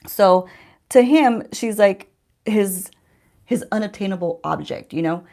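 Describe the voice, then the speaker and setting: Woman vlogger with a creaky voice, chatting loosely to her audience mid-makeup and throwing questions at them. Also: medium pitch, unhurried, mellow. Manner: chatty, addresses viewers directly, rhetorical questions. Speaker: beauty vlogger. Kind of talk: casual storytime chat while doing makeup. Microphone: handheld-range mic while holding a mirror.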